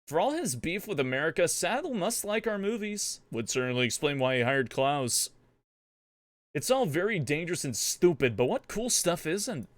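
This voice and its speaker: A streamer man narrating as a sarcastic young woman, with wry, deadpan asides over faint music. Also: on the high side, moderate pace, no room sound. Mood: snarky. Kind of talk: comedic in-character narration.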